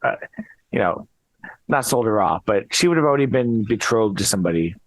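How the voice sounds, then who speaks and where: A man's voice: lowish voice, lively intonation, a little fast, no room sound. Hesitant man co-host on a dry mic. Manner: hesitant, many "um"s and restarts. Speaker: podcast co-host. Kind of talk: casual chat.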